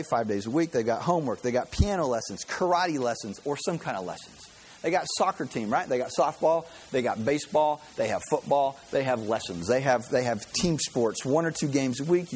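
A man's voice: medium pitch, darkish tone, breathy edge. A man preaching a sermon to his congregation in a conversational way, with frequent restarts and direct asides to listeners. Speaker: pastor.

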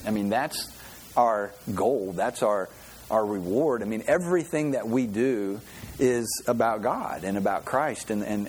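A preacher with a lowish voice delivers a relaxed, conversational sermon built around a personal story, as if talking with friends, repeating words, restarting sentences, and laughing easily. A faint room murmur and a little hiss or hum sit behind him.

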